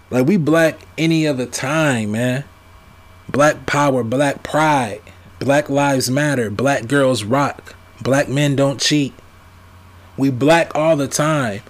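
A man giving a ranting commentary, emphatic and repetitive, firing off rhetorical questions. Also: medium pitch. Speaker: vlogger.

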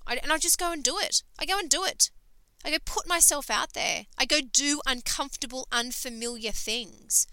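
A woman's voice: high-pitched, normal speed, sharp tone, no echo, poor audio. A woman hosting a podcast, talking in an emphatic, sweary, casual motivational monologue full of fillers. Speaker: podcast host and coach.

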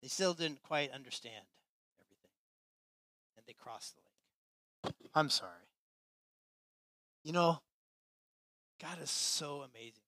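A man preaching a sermon to his church with passion, swinging between loud, emphatic lines and quiet, hushed ones. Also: a little high, measured pace, pauses often. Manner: impassioned, swinging from loud to soft. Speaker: pastor.

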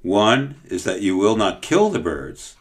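A kindly but stubborn young peasant boy from a storybook reading, speaking earnestly and standing his ground, played by a man. The voice stays low but lively. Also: measured pace. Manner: earnest and firm.

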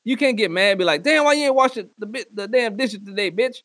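A man delivering a loud, profane comedic rant and often slipping into mock voices. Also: sits high, quick pace, no room sound. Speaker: comedy podcast host. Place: Northwest Arkansas.

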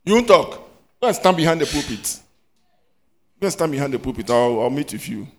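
Teacher, male, lively pitch, scolding questioner in a church hall. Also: fairly quick, slight background noise. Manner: animated, scolding, rising to loud questions. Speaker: Sunday school teacher. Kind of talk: quizzing children in class.

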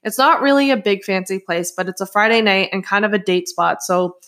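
A woman co-hosting a laid-back podcast, reading a listener's story aloud and breaking off for chatty asides. Her voice sits at an ordinary middle pitch. She laughs easily between lines. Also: brisk, a bit bright. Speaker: podcast co-host. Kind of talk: casual chat and story reading.

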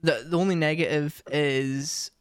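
A man's voice: on the high side, steady tone, unhurried, clear, resonant tone, dry recording, studio quality. A young man co-hosting a podcast in casual chat, rambling with lots of fillers and restarts. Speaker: podcast co-host.

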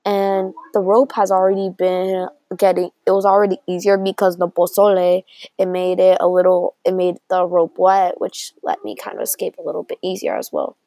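A woman's voice: fairly low pitch, little pitch movement, moderate pace, warm tone, dry recording, poor audio. A young woman telling a made-up story aloud, rambling with restarts and acting out the dialogue.

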